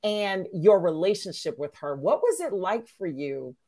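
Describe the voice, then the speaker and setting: A woman hosting a conversational interview, lively and familiar, encouraging her guest in a friendly back-and-forth. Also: on the low side, unhurried. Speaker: podcast host.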